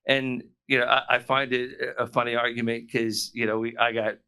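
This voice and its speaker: Calling in remotely from the UK, an American man from South Florida is a guest on a podcast, chatting casually and rambling with many restarts. His medium-pitched voice is clear, sharp and resonant, a little fast and with little pitch movement.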